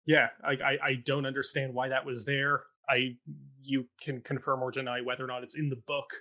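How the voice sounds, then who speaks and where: A young man co-hosting a talk show recaps a stage play in casual, chatty fashion, dripping with sarcasm and mock-quoting the characters. His mid-range voice is brisk and sharp, with a flat delivery.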